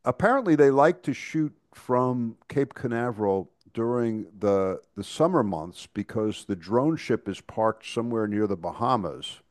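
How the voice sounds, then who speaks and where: A man's voice: medium pitch, lively intonation, measured pace, few pauses, no room sound, clean studio sound. A man co-hosting a podcast, talking casually and chattily with frequent restarts and stammers. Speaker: podcast co-host. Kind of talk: casual chat.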